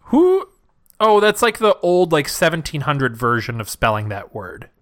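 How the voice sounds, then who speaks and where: A man's voice: a little high, very animated, normal speed. Young male co-host, easygoing banter, rambles with fillers. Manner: joking, rambling, frequent fillers. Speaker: podcast co-host. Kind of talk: casual chat.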